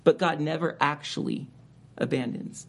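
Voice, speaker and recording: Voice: mid-range voice, normal speed, gravelly. Emphatic preacher teaching a sermon. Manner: emphatic, conversational teaching with rising stresses on key words. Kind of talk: expository sermon.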